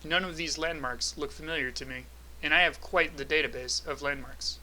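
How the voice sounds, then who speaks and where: A man's voice: a little high, fairly even intonation, brisk, bright, forceful tone, a little hiss or hum, poor audio. A man playing a stiff, polite android envoy. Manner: stiff, formal, mechanical phrasing.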